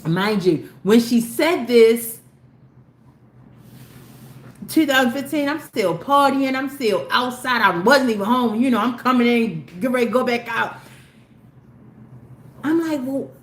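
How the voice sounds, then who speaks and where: A woman's voice: fairly high pitch, expressive, measured pace, long pauses. A woman, hosting a live video stream and telling a long story to her viewers in a chatty, rambling way with many restarts. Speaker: YouTube live host. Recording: roomy with faint background noise.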